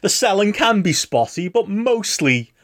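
A man co-hosting a casual podcast chat, animated and rambling, laughing often between points. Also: sits high, measured pace. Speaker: podcast co-host.

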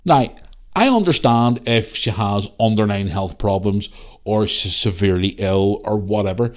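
A man's voice: lowish voice, normal speed. A man, hosting a podcast and ranting in heated, swear-filled storytelling. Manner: heated storytelling, heavy swearing, animated re-enacted dialogue. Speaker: podcast host. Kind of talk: casual ranting monologue.

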